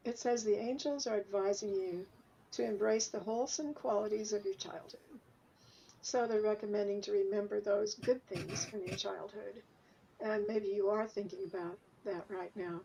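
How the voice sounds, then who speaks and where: Female angel reader, mellow and tender, muffled lo-fi call with faint hiss. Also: mid-range voice, gravelly. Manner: tender, emotional, speaks as spirits in a soothing advisory tone. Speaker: guest angel card reader. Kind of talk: live spiritual reading. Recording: dull lo-fi call audio with faint noise.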